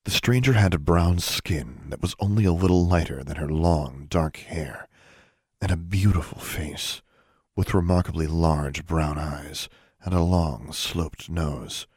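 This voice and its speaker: Deep-voiced male audiobook narrator. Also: a little slow, darkish tone, breathy edge, no room sound, clean studio sound. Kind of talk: scripted narration.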